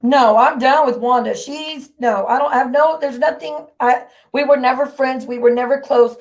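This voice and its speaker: Brief: woman stream host, fairly high voice, furious and profane, calling out her chat directly. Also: moderate pace. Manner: heated, profane, confrontational. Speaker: livestream host. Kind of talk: angry livestream rant.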